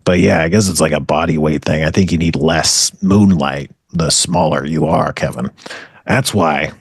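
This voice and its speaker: A very low, husky male voice rolls through a rambling comic bit, boasting with deadpan swagger. The sound is dry and close, with no room around it. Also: moderate pace, dry recording. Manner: deadpan absurd storytelling with swagger. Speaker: comedy podcast co-host. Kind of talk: improvised comedic bit.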